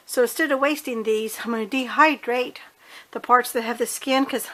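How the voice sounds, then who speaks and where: In a low-quality home recording from her kitchen and dining room, a woman speaks fast in a fairly high, slightly bright voice with fairly even intonation. Her cooking how-to is casual and homey, and she keeps correcting herself along the way.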